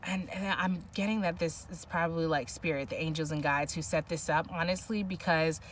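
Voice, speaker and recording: A woman's voice: low voice, fairly even intonation, fairly quick, recorded from a distance, a little hiss or hum. A woman doing an intuitive tarot reading, musing aloud and searching for words, with many restarts. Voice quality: soft, emotional at times. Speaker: tarot reader.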